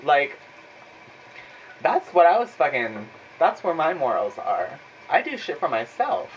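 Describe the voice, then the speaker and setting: Profane, animated young man ranting. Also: on the high side, a little slow, slight background noise. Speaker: vlogger. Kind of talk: casual ranting storytime. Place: home kitchen. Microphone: phone camera. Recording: dull phone recording.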